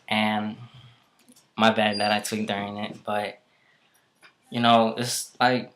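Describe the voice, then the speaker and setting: Young man, casual storytelling, rambling with fillers, lowish voice, very flat monotone. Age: young adult. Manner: rambling, full of "like" and "um". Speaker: vlogger telling a story.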